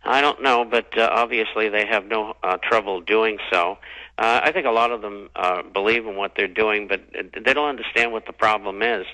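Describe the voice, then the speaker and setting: A male radio guest with a low, bright and firm voice. He talks haltingly, stopping often to hunt for words and starting over. His tone stays measured and serious. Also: low-quality recording. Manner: halting, lots of uhs and restarts. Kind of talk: talk radio interview.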